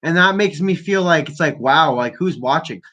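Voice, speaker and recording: A young man from Canada talks over the phone as a call-in host. His voice is bright and forceful, and it sits a bit high. He jeers and swears freely. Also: animated, normal speed, lo-fi sound. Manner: brash, mocking, swears a lot. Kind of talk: profane casual chat. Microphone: telephone.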